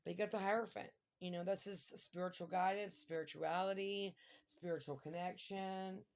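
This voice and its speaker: A woman in middle age talks through a tarot spread in a loose, chatty way. Her voice has a gravelly fry to it. She grows emotional and exclamatory as the cards turn. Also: lowish voice, fairly even intonation, normal speed, darkish tone. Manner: emotional, exclamatory, near tears at times. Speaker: tarot reader. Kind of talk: casual tarot reading monologue.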